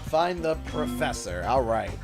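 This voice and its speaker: A man from Canada giving casual, chatty livestream commentary while playing a game, animated and playful. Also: medium pitch, unhurried, music in the background. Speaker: streamer.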